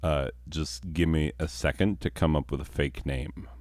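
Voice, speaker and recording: A man's voice: very deep voice, fairly even intonation, moderate pace, a little mellow, dry recording. A man telling a comic story with rambling, self-mocking asides. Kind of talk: comedic storytelling.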